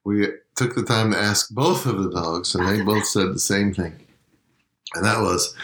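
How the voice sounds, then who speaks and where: A man's voice: on the low side, moderate pace, fairly bright tone, reverberant. A man co-hosting a podcast in casual chat, joking in a laid-back way and chuckling. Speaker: podcast co-host.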